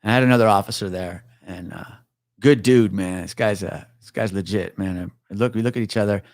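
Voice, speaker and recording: Man, 40s, low voice, retired cop, profane animated storyteller, dry mic. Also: fairly quick, no echo. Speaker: podcast guest, retired police officer. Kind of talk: casual storytelling chat.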